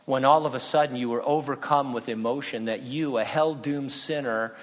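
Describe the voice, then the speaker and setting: A man's voice: mid-range voice, steady tone, normal speed. Earnest male pastor preaching in a hall. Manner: earnest, conversational, with humor. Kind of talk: sermon. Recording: long reverb in a hall.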